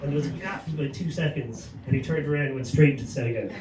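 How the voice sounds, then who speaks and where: A man's voice: mid-range voice, fast. An Irish man, a gig promoter on a live panel, telling an anecdote and swearing freely, chuckling as he goes. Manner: swears freely, chuckles through his story. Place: pub venue with a live audience. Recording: echoey room, mic at a distance, background hum.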